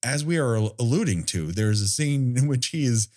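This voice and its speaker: Man, podcast co-host, wry and sarcastic, casually profane, lively pitch swings. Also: moderate pace. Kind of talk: casual film-review chat.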